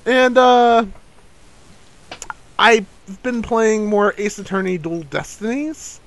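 A man hosting a casual gaming podcast, talking in an excitable, jumpy way. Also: high-pitched, slow pace, low-quality recording. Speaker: show host.

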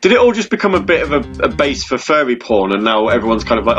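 A man's voice: medium pitch, very animated, fast, a bit bright, faint music behind. A man hosting a casual chat show. He laughs often and turns mock-solemn when he reads aloud.

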